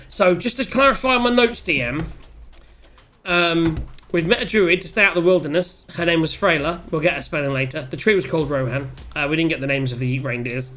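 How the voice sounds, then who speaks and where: A man chatting excitedly as a player wrapping up a tabletop game session, swearing freely. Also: fairly high pitch. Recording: faint music behind.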